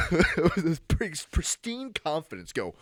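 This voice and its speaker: Slow, swooping man telling stories. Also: on the high side, wildly swooping pitch, no room sound, clean studio sound. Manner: laughs often while telling stories. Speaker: podcast co-host. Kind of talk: casual storytelling chat.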